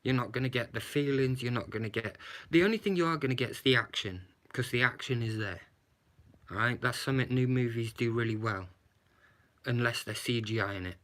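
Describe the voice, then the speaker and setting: A man's voice: mid-range voice, brisk, a bit bright. A man giving a blunt, sarcastic movie review, swearing and adding "yeah?" to his points. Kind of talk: casual movie review rant.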